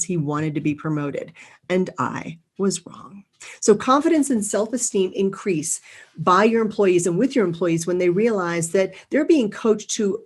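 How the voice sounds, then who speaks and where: A middle-aged woman giving a motivational talk on leadership, lively and acting out quoted people. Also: medium pitch. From United States. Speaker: leadership speaker.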